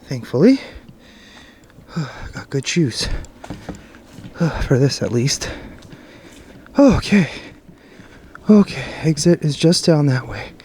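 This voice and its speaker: A man's voice: on the high side, lively intonation, slow, pauses often, mellow. Jittery man muttering in a night forest. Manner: jittery, swearing, often sighing and muttering. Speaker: paranormal vlogger. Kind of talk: nervous first-person vlog narration. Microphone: handheld camera mic while walking. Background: faint night forest noise and rattling.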